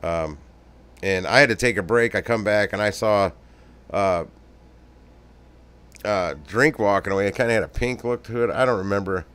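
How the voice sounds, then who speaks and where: A man's voice: on the low side, normal speed, pauses often, fairly bright tone, smooth. A middle-aged man casually telling stories on a live stream, rambling and profane, laughing often. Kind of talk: casual storytelling.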